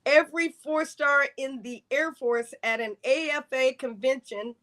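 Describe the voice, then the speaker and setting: A woman's voice: high-pitched, unhurried. A woman, a retired Air Force colonel, telling a long career story in a podcast interview and acting out the voices of the people in it. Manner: animated storyteller, acts out quoted dialogue.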